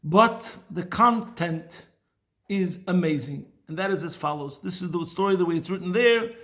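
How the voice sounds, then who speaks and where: A man giving a weekly Torah talk, telling a Chassidic story in a lively way and dropping in Hebrew and Yiddish words. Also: sits high, moderate pace. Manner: animated storyteller mixing in Hebrew and Yiddish terms. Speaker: teacher of Chassidic thought.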